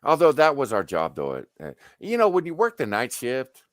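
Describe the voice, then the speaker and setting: A man's voice: mid-range voice, normal speed, no echo, clean studio sound. A man telling stories casually as a guest, swearing freely and acting out what people said. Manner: animated, profane, acts out quoted dialogue. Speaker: guest on a stream. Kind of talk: casual storytelling.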